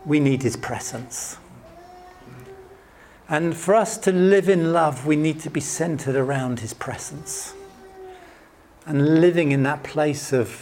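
A middle-aged man preaching a sermon in an earnest way, lifting his voice when he acts out quotes and dropping to a soft hush. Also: slight background noise. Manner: earnest, rises high acting out quotes, drops soft and hushed.

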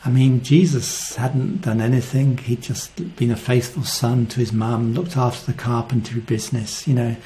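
A man preaching a sermon, earnest and reflective, often dropping to a soft voice. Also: medium pitch, steady tone, moderate pace, hardly any pauses.

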